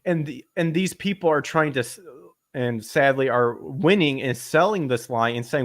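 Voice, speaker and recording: A man in casual podcast chat, ranting and swearing, his pitch jumping up when he gets worked up. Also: expressive, normal speed, no room sound, studio quality. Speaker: podcast host.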